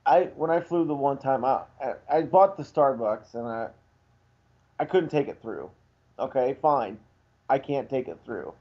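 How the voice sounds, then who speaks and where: A man's voice: mid-range voice, animated, unhurried, muffled recording. A man co-hosting a radio talk show, ranting indignantly in casual banter. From Irish heritage.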